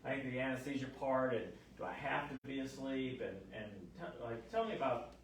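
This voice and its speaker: A man's voice: mid-range voice, fairly quick, slight background noise. A man in his fifties, a fertility doctor, chatting casually and telling stories with lots of fillers. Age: 50s. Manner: chatty, animated storyteller with many fillers. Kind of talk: casual chat. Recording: echoey room, mic at a distance.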